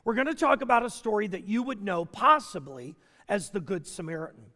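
A man with a very high voice preaches to his congregation. He asks question after question and his pitch swings widely as he builds his points. His words ring out with a long reverb, as in a big church hall. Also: a little fast. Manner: animated preaching with rhetorical questions. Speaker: pastor. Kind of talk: sermon.

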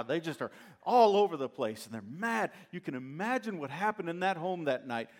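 Give me a high-voiced man preaching, lively and joking with his congregation. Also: normal speed, hardly any pauses. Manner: animated storytelling with humorous asides; addresses congregation directly. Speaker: pastor. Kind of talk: sermon.

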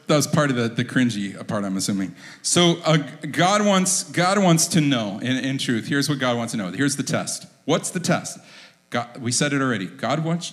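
Man, pastor, sermon, joking, quizzing the congregation, mid-pitched voice. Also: a bit bright.

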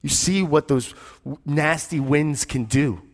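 A male pastor preaching a conversational sermon, telling the story with animation and dropping quiet for emphasis. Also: a little high, a little slow, in a large hall.

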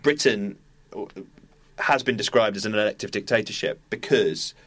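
A man on a casual discussion panel, explaining his point in a measured way. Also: fairly low pitch, fairly bright tone.

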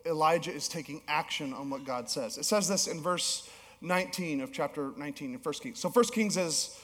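A male pastor preaching a sermon, telling a story with animated swings between emphatic peaks and low, soft passages. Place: church auditorium. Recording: long hall reverb.

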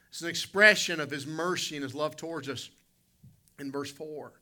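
A male pastor preaches a sermon, telling a vivid, folksy personal story and calling on congregation members by name. He swings between loud, emphatic lines and quiet asides, his voice medium-pitched at a normal speed.

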